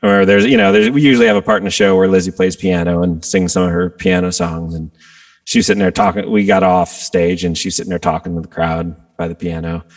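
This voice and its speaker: A man, a guest rock guitarist, telling stories in a casual interview and acting out quotes with sudden jumps in pitch. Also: fairly quick, creaky. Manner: animated storyteller, acts out quotes with jumps in pitch.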